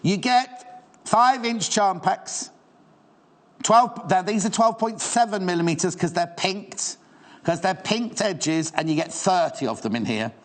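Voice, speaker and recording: A man's voice: high voice, lively intonation, measured pace. A man presenting fabrics on a shopping channel, gushing and rambling with playful asides to the crew. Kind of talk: chatty live selling of sewing fabrics.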